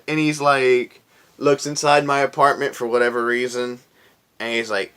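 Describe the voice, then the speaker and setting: A man's voice: mid-range voice, a little slow, fairly bright tone. Casual cursing man telling a story. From Florida. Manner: profane, laid-back, quoting himself in a raised voice. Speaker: vlogger.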